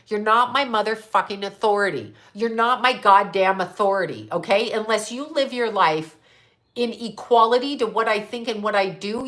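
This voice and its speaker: A middle-aged Canadian woman with a mid-range, slightly bright voice hosts a psychic livestream. In this monologue she rants bluntly, swears heavily and answers viewer comments.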